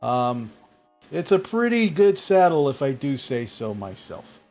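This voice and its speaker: A man's voice: medium pitch, big pitch swings, measured pace, a little mellow, faint music behind. A man playing a polite, apologetic male magic shopkeeper who rambles with many fillers. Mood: friendly.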